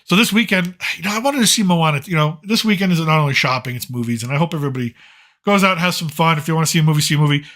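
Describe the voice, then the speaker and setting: Boston male host, middle-aged, bright forceful voice, sardonic rambling live-stream monologue. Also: on the high side, racing. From Boston, Massachusetts. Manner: rambling, sardonic, with many restarts and fillers. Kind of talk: casual monologue.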